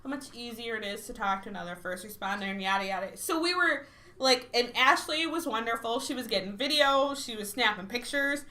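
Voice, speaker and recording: Woman, podcast co-host, casual chat, high bright voice, animated storyteller. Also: a little fast. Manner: animated storyteller, laughs easily.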